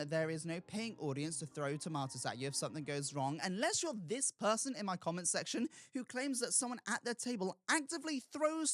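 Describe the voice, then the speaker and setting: A man's voice: sits high, a bit bright. A man hosting his own video in a chatty, self-mocking way, laughing at his own asides as he talks from a room at home. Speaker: YouTube host. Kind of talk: casual scripted video talk.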